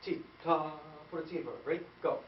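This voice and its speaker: Animated man conducting a school band. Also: a little high, rapid-fire. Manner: animated, playful, quizzing students. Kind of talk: school band rehearsal instruction. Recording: distant, echoey, dull room recording with hiss.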